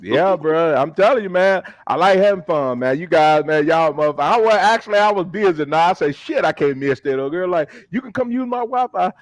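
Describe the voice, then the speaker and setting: High-voiced man in profane laughing banter. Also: expressive, brisk, few pauses, no echo. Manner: switches into fluent Spanish. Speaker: guest on a live podcast. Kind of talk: casual chat.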